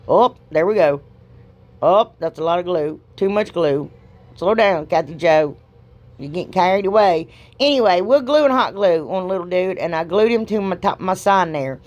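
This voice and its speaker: Chatty woman crafting. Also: medium pitch. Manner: chatty, rambling, self-deprecating, folksy exclamations. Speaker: craft video host. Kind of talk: casual crafting voice-over.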